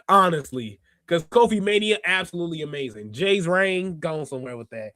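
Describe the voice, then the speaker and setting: A podcast host from the Chicago area chats casually about wrestling reviews, rambling and laughing often. His voice is high-pitched, expressive, and a bit bright at a moderate pace, with clean studio sound and no room echo.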